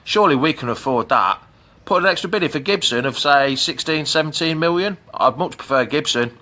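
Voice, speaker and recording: A man's voice: on the high side, lively intonation, brisk, pushed and bright. A middle-aged man with an English Midlands accent, chatting casually on a live stream from an outdoor pool and greeting viewers by name. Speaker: fan channel host. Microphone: phone camera.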